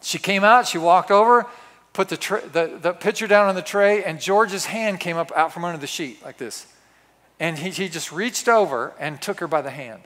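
A man preaching in a large, echoing hall, his long reverb trailing behind every line. He tells his story dramatically, dropping to hushed asides and then bursting into loud exclamations. His voice sits a touch high for a man. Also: moderate pace. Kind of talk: storytelling sermon.

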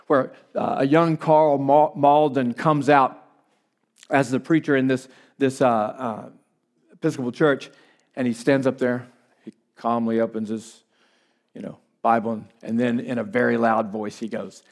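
A man preaching a sermon as pastor, emphatic, repeating key phrases for weight and dropping into conversational asides with quick restarts. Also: medium pitch.

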